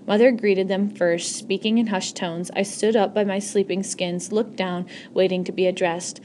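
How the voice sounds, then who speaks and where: Brief: woman, middle pitch, earnest novel reading, frequent slips and restarts. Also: fairly even intonation, moderate pace, darkish tone, a little hiss or hum. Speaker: audiobook reader.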